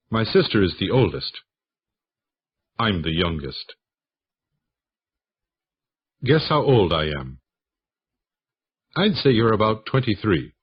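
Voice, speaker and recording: Low husky male reader, slow practice sentences, lively up-and-down intonation, dull lo-fi sound. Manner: reads model sentences one by one, questions and answers. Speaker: English lesson reader. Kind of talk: slow scripted sentence reading.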